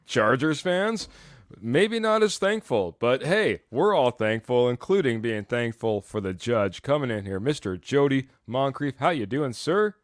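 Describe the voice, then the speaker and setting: A man's voice: mid-range voice, very animated, unhurried, no echo. An upbeat man hosting a live fan sports stream, chatting loosely and reading viewer comments aloud with easy laughs. His voice sits in a middle register, close and dry with no room sound. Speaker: host.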